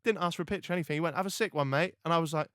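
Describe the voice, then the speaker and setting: Fairly high-pitched and a bit bright, a young podcast host speaks rapid-fire in clean studio sound with no room sound. His casual chat is full of animated stories, swearing, and many restarts.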